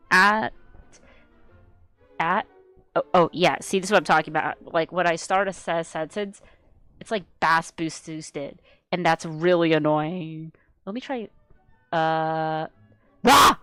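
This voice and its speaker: A woman chatting casually on a live stream, rambling and excitable, swearing freely and getting loud when worked up. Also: fairly low pitch, clean tone. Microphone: desk microphone she adjusts.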